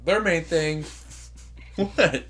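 A young man chatting casually, rambling with lots of filler words and quick laughs. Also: on the high side, a little hiss or hum. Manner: gets loud and heated when arguing. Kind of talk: casual chat.

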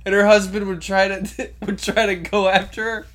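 A woman's voice: medium pitch, flat delivery, moderate pace. A young woman chatting casually, telling stories with lots of laughing and acted-out quotes. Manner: giggly storyteller, acts out quotes. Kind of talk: casual chat.

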